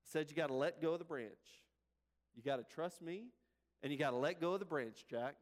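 Man as god, calm, patient, unhurried, hall reverb. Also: a little high, close to an everyday voice. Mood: firm.

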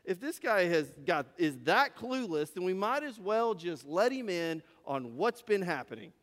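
A man's voice: high voice, very animated, a little slow, a bit bright, heavily acted. A man preaching, acting out two weary male travelers who answer with incredulous questions, in a reverberant hall. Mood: exasperated.

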